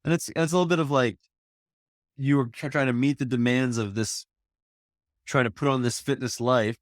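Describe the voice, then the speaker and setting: A man's voice: medium pitch, steady tone, moderate pace, no echo, studio quality. A man hosting a podcast interview, encouraging and asking follow-up questions that rephrase what the guest said. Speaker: podcast host. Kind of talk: casual interview.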